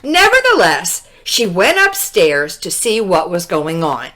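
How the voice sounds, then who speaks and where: A woman reading a children's storybook aloud, expressive and drawn-out, with little asides to the listener. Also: on the low side.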